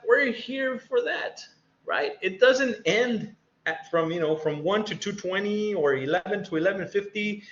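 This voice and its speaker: High-voiced man encouraging students, echoey call. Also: a bit bright. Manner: encouraging, conversational, acts out quoted exchanges. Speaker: college faculty member. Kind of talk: virtual panel talk to students. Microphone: video call. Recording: echoey, dull video-call audio.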